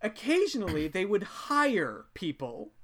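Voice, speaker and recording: A man's voice: high-pitched, wildly swooping pitch, measured pace, sharp tone. A man hosting a podcast, dryly explaining a history story in a casual, amused way. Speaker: podcast host.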